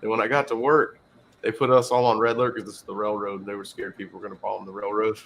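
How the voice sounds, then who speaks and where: A man's voice: lowish voice, level tone, quick pace, vocal fry, fairly bright tone, a little hiss or hum, low-quality recording. A man in his forties in casual podcast chat, telling a work memory and teasing the others. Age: 40s. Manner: joking, teasing. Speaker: podcast co-host.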